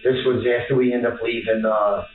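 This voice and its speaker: A man giving a rambling, halting account while being questioned by police, repeating himself often. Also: mid-range voice, level tone. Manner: halting, repetitive, fills with "and stuff". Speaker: interviewee under police questioning. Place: police interview room. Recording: echoey, distant, phone-like archive footage.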